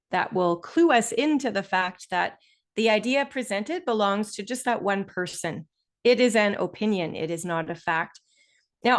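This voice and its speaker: A woman instructor teaching a live test-prep webinar over a video call, explaining patiently and stressing key words with deliberate pauses. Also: medium pitch.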